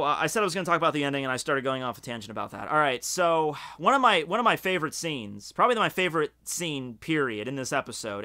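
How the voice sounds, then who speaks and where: Bright-voiced guy rambling excitedly in a video review, swears a lot, lots of um and uh. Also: on the high side. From Scotland. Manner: rambling and excited, swears casually, many fillers. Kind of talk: casual video commentary.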